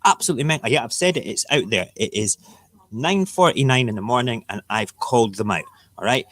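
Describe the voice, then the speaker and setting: A man's voice: medium pitch, expressive, fairly quick, a bit bright, no room sound. A man hosting a casual morning talk show, ranting and rambling in an opinionated way. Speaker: radio show host.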